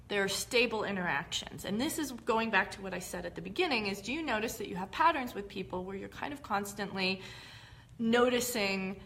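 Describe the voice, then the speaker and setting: A woman hosts a live-streamed teaching talk, explaining her ideas in a relaxed, conversational way. Her voice sits at a middle pitch, and she talks her points through with examples. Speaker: host.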